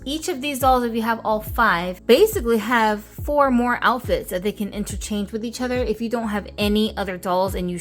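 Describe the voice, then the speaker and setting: A woman hosting a doll review vlog, talking playfully with sassy, slangy jokes. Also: mid-range voice.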